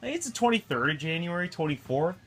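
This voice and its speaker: A middle-aged man with a voice pitched a bit high for a man talks loosely to his viewers, wandering off on tangents and cracking jokes as he shows off shop stock. His delivery is chatty and unscripted, like a hobby shop owner's morning monologue. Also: very animated, quick pace, a bit bright. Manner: rambling and joking. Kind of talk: casual vlog monologue.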